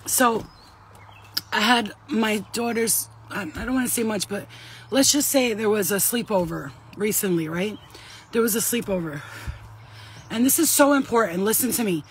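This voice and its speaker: A woman's voice: medium pitch, normal speed, a little hiss or hum. A woman in her thirties, sweaty and shaken, giving an urgent, blunt and profane talk to camera as a vlogger.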